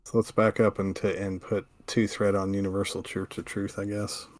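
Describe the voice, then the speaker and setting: Low-voiced guy planning his card game turn, slow and careful, dry mic. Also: level tone, no echo. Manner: slow and deliberate, plans moves aloud. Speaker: podcast co-host. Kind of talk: casual card-game play talk.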